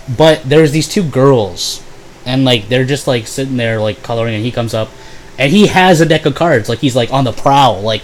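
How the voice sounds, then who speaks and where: A man's voice: medium pitch, moderate pace, slight background noise. A young man telling a rambling, profane storytime full of "like" and fillers. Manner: bursts into loud exaggerated impressions. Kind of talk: casual storytime.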